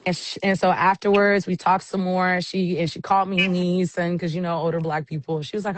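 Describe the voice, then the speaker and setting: A woman's voice: on the low side, fairly quick, few pauses. A woman who works as an event MC, casually telling stories in an interview and acting out the voices of people she quotes. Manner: animated storyteller, acts out quotes. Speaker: event MC, guest.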